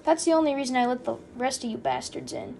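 A man's voice: very high-pitched, huge pitch swings, fast talker, vocal fry, darkish tone, a little hiss or hum, heavily acted. A woman voicing a drunken, boisterous male army pilot in an audiobook reading. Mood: rowdy.

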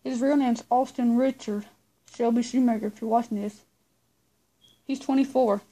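A woman's voice: fairly high pitch, steady tone, moderate pace, mellow. A woman vlogger chatting casually to her viewers, rambling and repeating herself as she talks. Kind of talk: casual vlog chat to viewers.

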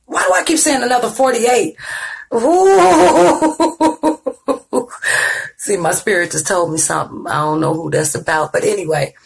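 A woman's voice: medium pitch, measured pace, creaky, breathy edge, rough recording. A middle-aged woman hosting an online show in casual chat, greeting viewers by name and laughing often. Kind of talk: casual live-stream chat.

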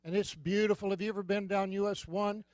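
A man preaching a sermon as a comic, animated storyteller who sometimes bursts out loudly. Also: sits high, fast talker, no room sound. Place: church sanctuary.

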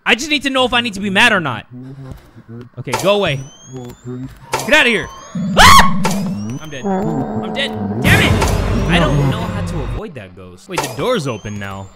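A man giving jumpy, joking let's-play commentary on a horror game, often breaking into loud screams. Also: sits high, very animated, brisk, vocal fry, loud music behind the voice. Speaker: gaming YouTuber.

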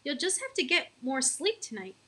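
A woman's voice: sits high, very animated, moderate pace, pushed and bright, pitched above the performer's own voice, heavily acted. A woman voicing a firm, scolding mother in a children's story. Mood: stern. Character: stern caring mother of a young boy.

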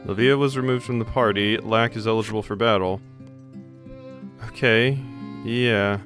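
A man's voice: on the low side, fairly even intonation, normal speed. A man giving casual let's play commentary, musing and reading game text aloud. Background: game music.

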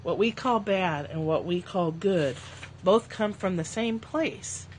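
A woman hosting a livestream, reading spiritual passages aloud in a calm, slow way and breaking off into casual, joking asides. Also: fairly low pitch, a little hiss or hum.

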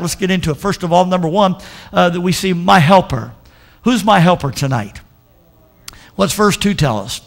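A man's voice: high voice, gravelly. A man pastor preaching a folksy, emphatic sermon with lots of repetition.

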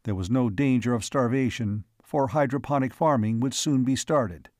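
A man narrating an audiobook of a classic science fiction story in a steady, even manner. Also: medium pitch, moderate pace, no echo, studio quality.

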